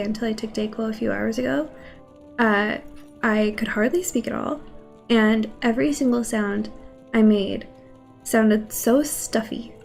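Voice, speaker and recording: A woman's voice: fairly high pitch, gravelly, darkish tone. A woman game streamer with a scratchy voice from a cold, chatting casually and rambling to her viewers. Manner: chatty, rambling, greets chat. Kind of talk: casual chat while gaming.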